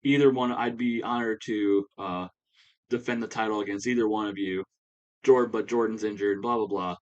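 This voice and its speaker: A man's voice: on the low side, fairly even intonation, normal speed, muffled recording, close to an everyday voice. A man voicing a proud woman wrestling champion cutting an earnest heroic promo, rambling through it.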